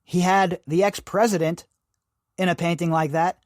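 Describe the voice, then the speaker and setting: A man's voice: sits high, fairly even intonation, moderate pace, no room sound, clean studio sound. A man hosting a podcast, giving emphatic, sarcastic commentary full of rhetorical questions. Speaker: podcast host. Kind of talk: opinionated commentary.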